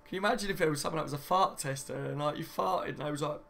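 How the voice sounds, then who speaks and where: A man's voice: a little high, racing, vocal fry, a bit bright. A young man hosting a casual live stream from home, reading viewer comments and laughing often. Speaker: fan channel host.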